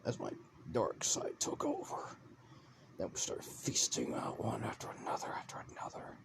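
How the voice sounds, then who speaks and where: Male horror storyteller, low gravelly voice, hushed narration with lively swings. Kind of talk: first-person horror storytelling.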